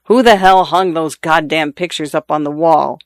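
A man reading the lines of a bored, bitter husband who drinks through the afternoons, in a flat, sullen, blunt way. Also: on the high side, moderate pace, no room sound, studio quality, natural voice.

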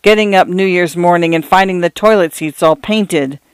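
A man's voice: high voice, normal speed, clear, resonant tone, dry recording, lightly acted. Man doing a weary, sour old priest. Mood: wry. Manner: dry and bleak.

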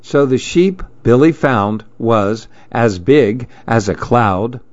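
A man reading a rhyming picture-book story aloud in an expressive, rhythmic way. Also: mid-range voice, slow pace, no echo, lo-fi sound.

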